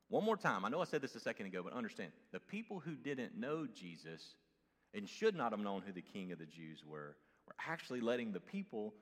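A pastor with a light Southern US accent preaches a sermon, swinging from loud exclamations to hushed, low asides. The recording has a long reverb tail.

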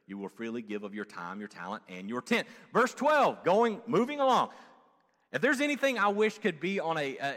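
A man pastor preaching a sermon, animated and humorous, with playful asides. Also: mid-range voice, big-room sound.

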